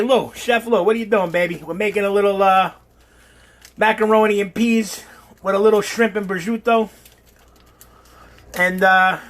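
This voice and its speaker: A man's voice: a little high, fairly bright tone. A middle-aged man, chatting casually and profanely to viewers while he cooks in his home kitchen. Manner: brash, profane, talks straight to viewers. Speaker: home cook. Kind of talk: casual cooking livestream chat.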